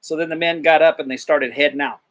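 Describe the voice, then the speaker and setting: A man's voice: fairly high pitch, fairly even intonation, fast, fairly bright tone. A man rambling through a casual Bible discussion, retelling scripture in slangy paraphrase. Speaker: discussion participant.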